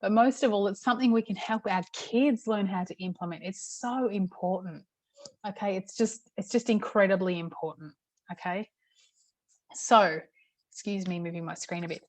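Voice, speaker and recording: A middle-aged woman, a parenting coach, teaching in a casual, chatty way with many "okay"s and a slightly hoarse throat. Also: medium pitch, normal speed, no room sound. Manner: chatty, repeats "okay" often. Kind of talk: casual talk-to-camera teaching.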